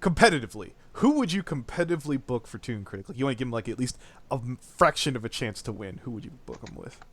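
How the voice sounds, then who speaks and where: A man hosting a casual stream chat, laid-back and crude, often trailing off into a low mutter. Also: lively intonation, quick pace, no echo. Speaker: podcast host.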